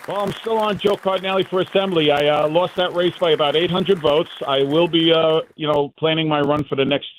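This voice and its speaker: A man's voice: on the high side, fairly even intonation, a little fast, slight background noise, low-quality recording. A man from New York, a former officer, giving heated political commentary as a radio guest, indignant and mocking opponents. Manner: indignant, mocks opponents with put-on quotes.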